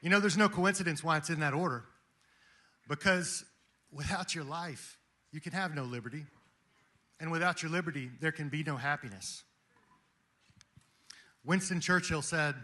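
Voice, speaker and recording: A man's voice: a little high, moderate pace, long pauses, bright, forceful tone. A man giving an impassioned Christian motivational speech to a room of men, rousing and quoting famous speeches. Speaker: speaker at a men's gathering. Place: meeting room with an audience.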